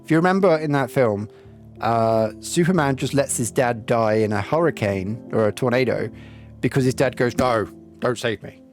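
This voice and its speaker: A man with a mid-range, darkish voice streams a game at normal speed, chatting casually with live viewers in a rambling, reflective way full of ums. Faint game music plays behind him.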